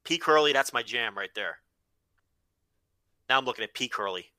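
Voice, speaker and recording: A man co-hosting a podcast in casual chat, animated and profane, often slipping into quick impressions. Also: medium pitch, no room sound. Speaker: podcast co-host.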